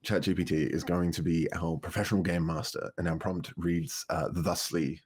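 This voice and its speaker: A man's voice: deep voice, fairly even intonation, normal speed, darkish tone, slightly rough. A man co-hosting a livestreamed tabletop game, chatting casually and reading aloud in a dry, wry way. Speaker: livestream co-host.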